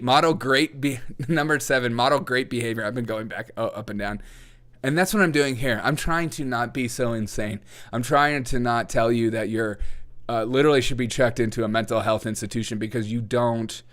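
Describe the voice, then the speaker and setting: A man's voice: mid-range voice, a bit bright. A man hosting his own show, giving sarcastic political commentary, laughing often and mocking his opponents. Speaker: host.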